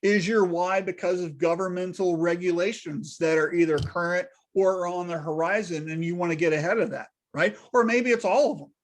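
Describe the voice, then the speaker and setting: A man speaking as a business consultant, giving casual advice and tagging points with rhetorical questions. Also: sits high. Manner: emphatic, asks rhetorical questions and tags them with "right?".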